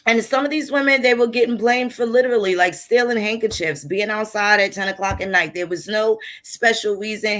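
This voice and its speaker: A history channel host, a woman with a mid-range, fairly bright voice, speaks briskly with few pauses. She works through old archive records in a loose, casual lecture, blunt and conversational and swearing freely as she explains.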